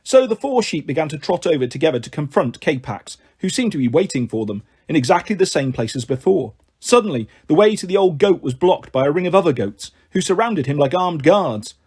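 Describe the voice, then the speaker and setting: A man reading a children's book aloud, narrating and voicing many characters with lively expression. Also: on the high side, a little fast, few pauses, slightly rough. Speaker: storyteller.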